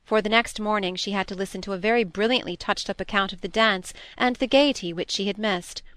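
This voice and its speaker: Woman with a measured, dry-sounding reading voice. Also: mid-range voice, fairly bright tone, dry recording. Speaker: audiobook reader. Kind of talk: scripted narration of a classic novel.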